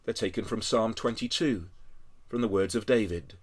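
A man preaching a sermon, earnest and measured, building to emphatic high passages, with frequent "uh" fillers. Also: husky. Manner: earnest, rising to emphatic peaks with tag questions.

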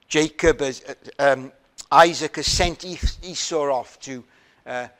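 A male preacher delivering a sermon at an unhurried, measured pace. His voice sits a touch higher than most men's. He leans on key words with emphasis and tosses in rhetorical questions.

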